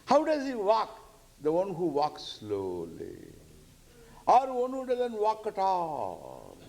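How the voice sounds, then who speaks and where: A man's voice: high voice, huge pitch swings, slow pace, creaky, darkish tone. An older man, giving a scripture lecture with jokes and chanted verses. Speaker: spiritual teacher.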